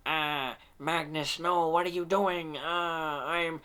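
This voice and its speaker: A man's voice: on the high side, steady tone, slow, pushed and bright, clean tone. A man voicing a nerdy, fussy older male mentor in a whiny, goofy impression.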